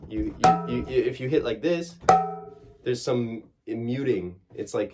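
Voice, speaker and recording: A man giving a relaxed one-on-one drum lesson, explaining strokes in halting phrases and singing out the drum syllables. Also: mid-range voice, soft background music. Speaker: drum teacher. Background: drumming.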